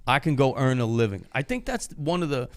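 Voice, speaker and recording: A man's voice: medium pitch, very animated, brisk. A man hosting a casual podcast, talking loosely and profanely about working in the trades. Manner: loose, profane, laughs often. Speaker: podcast host.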